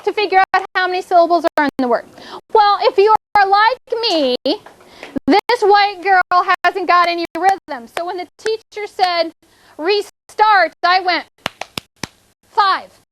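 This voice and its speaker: Woman, elementary teacher, very high voice, encouraging classroom delivery, checks in constantly. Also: unhurried, a bit bright, a little hiss or hum. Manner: encouraging, checks in with "okay?" often. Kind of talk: classroom spelling lesson.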